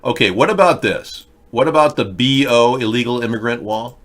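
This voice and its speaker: A man's voice: medium pitch, normal speed, fairly bright tone. A man hosting a political talk show, talking in a mocking, sarcastic way and jumping between bits and rants. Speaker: host.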